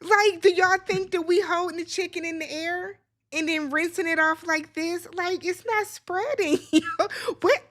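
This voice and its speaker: A woman from Milwaukee hosting a casual talk show, playful and animated with lots of laughter. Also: very high-pitched, measured pace. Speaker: show host. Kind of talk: casual podcast chat.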